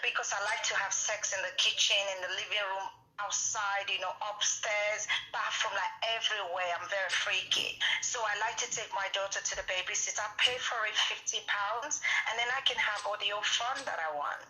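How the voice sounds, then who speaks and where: Blunt, swearing woman guest; bright voice, echoey room. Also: medium pitch, steady tone, fairly quick. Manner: brash, blunt, swears freely. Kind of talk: live online interview.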